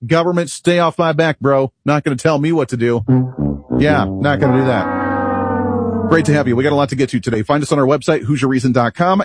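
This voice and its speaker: A man's voice: a little high, husky, dry recording. A man hosting a political talk radio show in the studio, speaking in an opinionated, brash and jokey way. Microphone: studio microphone.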